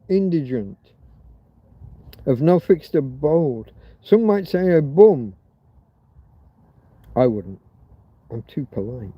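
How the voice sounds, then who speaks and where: A man's voice: fairly high pitch, dry recording, highs cut off. A man from Britain hosting a rambling livestream chat, crude and joking, swearing freely. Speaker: livestream host. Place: outdoors in a field in Spain.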